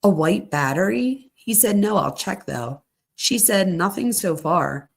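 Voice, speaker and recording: A woman's voice: mid-range voice, animated, a little slow, creaky, slightly rough. A middle-aged woman hosting a true crime show, reading text messages aloud in a conversational way with casual asides. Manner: conversational, reads quoted messages plainly with asides.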